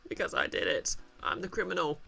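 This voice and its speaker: A man's voice: fairly high pitch, huge pitch swings, fairly quick, creaky, sharp tone, faint music behind, heavily acted. A man voicing a nervous young man in a game read-aloud, mumbling and hesitant. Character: meek, nervous young man eager to confess.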